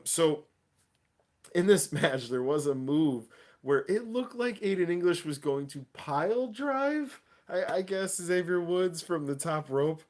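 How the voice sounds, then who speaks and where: A man chatting casually on a livestream, his voice sitting at an ordinary middle pitch. He talks excitedly in loose, slangy speech, often laughing between points. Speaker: wrestling show host.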